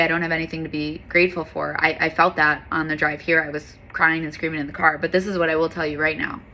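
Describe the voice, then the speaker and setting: A woman's voice: low-pitched, bright, forceful tone, a little hiss or hum. A woman yoga instructor talking in an earnest, candid, heartfelt monologue, with frequent fillers.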